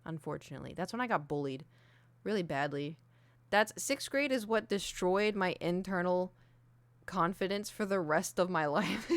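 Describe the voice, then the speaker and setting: A woman's voice: lowish voice, moderate pace, no echo. A young adult woman streaming, chatting candidly and self-deprecatingly with lots of fillers. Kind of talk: casual chat. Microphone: desk mic with ring light.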